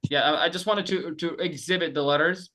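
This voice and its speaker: A man teaching an online group class, animated and repeating letters slowly for his students. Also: a little high. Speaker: Quran recitation teacher. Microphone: webcam.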